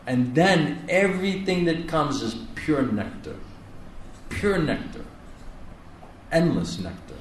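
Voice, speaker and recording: A monk with a mid-range voice gives a spiritual class as a sermon in a lecture hall in India, preaching earnestly and stretching out repeated words for emphasis. He's picked up from far off in an echoey room, with faint ambience and slight background noise.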